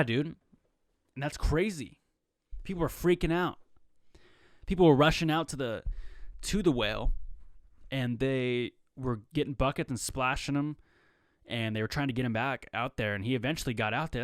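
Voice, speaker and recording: Laid-back young man with a smooth voice. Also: mid-range voice, no room sound, studio quality. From Pacific Northwest, USA. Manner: laid-back, slangy, joking tangents, says bro and man. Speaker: comedy podcast host. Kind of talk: rambling solo comedy podcast.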